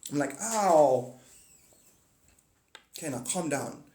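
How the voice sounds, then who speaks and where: A man ranting casually on a livestream, rambling and profane, swinging from mutters to excited outbursts. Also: a little high, moderate pace. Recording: echoey room.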